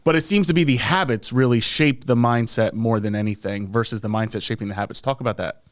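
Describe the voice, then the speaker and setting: A man's voice: mid-range voice, fast talker, no echo, studio quality. A man hosting a podcast, reflecting on habits and asking his guest open questions. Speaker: podcast host. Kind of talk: casual interview.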